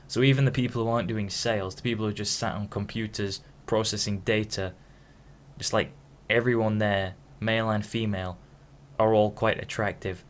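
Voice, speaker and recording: A young vlogger from Hull, England, talks frankly to camera in a rambling monologue, his fairly low voice keeping a fairly even intonation. He is halting and keeps stopping and restarting his sentences.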